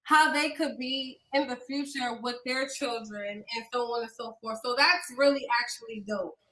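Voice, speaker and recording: Woman, podcast co-host, casual chat, high voice, bright tone. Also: fairly even intonation, moderate pace, low-quality recording. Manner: chatty, many ums and restarts.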